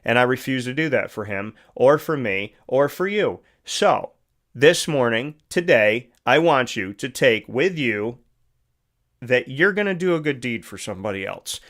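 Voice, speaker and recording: A man's voice: medium pitch, expressive, unhurried, a bit bright. Earnest preachy male radio host. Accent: Central New York. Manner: earnest, preachy and conversational with repeated phrases. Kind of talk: motivational monologue.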